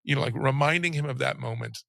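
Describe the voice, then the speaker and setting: Middle-aged man, heavy vocal fry, bright tone, lively storytelling, dry close sound. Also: medium pitch, quick pace, no room sound. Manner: animated retelling, acts out the people he quotes, many restarts. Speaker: interview guest. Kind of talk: personal storytelling.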